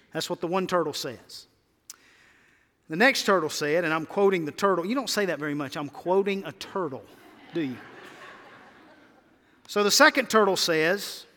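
A man's voice: fairly high pitch, normal speed, long pauses, bright, forceful tone. A male pastor preaching a sermon, emphatic and calling for the congregation to answer back. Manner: emphatic, calls for congregation responses. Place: church sanctuary. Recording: long hall reverb.

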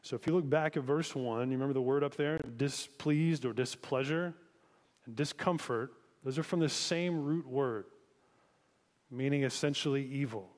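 A man's voice: mid-range voice, moderate pace. Male pastor preaching in a reverberant hall. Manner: conversational, asks listeners reflective questions. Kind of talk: sermon.

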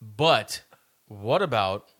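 Skeptical man, lively up-and-down voice. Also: lowish voice, very slow. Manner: skeptical, teasing, argumentative. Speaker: podcast co-host. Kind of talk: casual chat.

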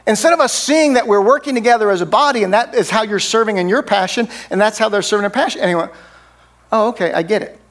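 A man's voice: high voice, fast, few pauses, a bit bright. A middle-aged man preaching a sermon as pastor, in a conversational way, often checking in with "right?". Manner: conversational, frequent "right?" tag questions.

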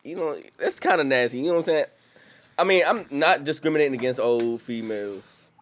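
A man's voice: mid-range voice, expressive, fairly quick. A man co-hosting a podcast, blunt and joking in crude casual banter. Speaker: podcast co-host.

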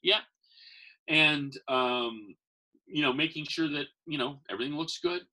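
Speaking at a measured pace, a man with a slightly high, sharp-toned voice tells casual stories that ramble. He works as a professional Santa and magician and acts out quoted voices; the audio quality is poor.

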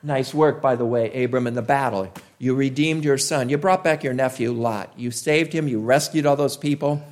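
Preacher, male, emphatic sermon delivery, repeats lines for weight, slow deliberate pauses. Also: mid-range voice, darkish tone. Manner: emphatic, repeats key phrases, drawn-out pauses.

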